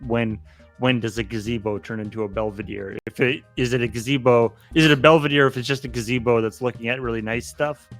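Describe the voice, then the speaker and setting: A man's voice: medium pitch, fairly even intonation, fast, faint music behind. A man co-hosting a casual stream, musing aloud in a hesitant way with frequent uhs. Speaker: stream co-host. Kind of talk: casual chat.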